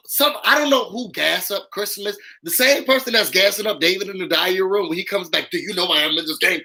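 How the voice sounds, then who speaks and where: A man's voice: sits high, sharp tone, low-quality recording. A man hosting a casual reality TV recap, talking in a sassy, dramatic, slangy way and repeating lines for emphasis. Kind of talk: casual live recap commentary.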